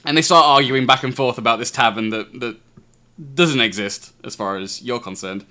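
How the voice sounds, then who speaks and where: A man's voice: mid-range voice, moderate pace, sharp tone. A man, narrating a tabletop game as game master. He stammers and restarts often and chuckles a lot.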